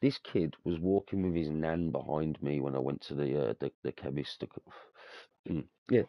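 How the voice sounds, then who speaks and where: A man's voice: very deep voice, normal speed, dry recording, muffled recording. A young man, telling stories in casual chat, swearing freely and dropping slang like mate and bruv. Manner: swearing, storytelling, laughs often, uses slang like bruv and mate. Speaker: podcast host.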